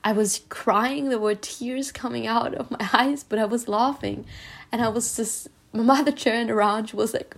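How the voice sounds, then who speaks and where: A woman from Spain giving a heartfelt personal talk as a self-healing vlogger. She speaks haltingly, restarts often, and reassures her listener earnestly. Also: fairly high pitch, fairly even intonation, vocal fry.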